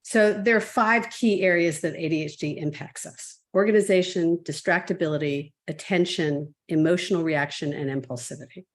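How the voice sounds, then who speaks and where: A middle-aged woman coach in a webinar, laying out her points one by one in a clear, orderly way. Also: fairly low pitch, moderate pace, few pauses. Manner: methodical, lists points one by one. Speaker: parenting coach and expert guest. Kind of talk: explaining in a webinar.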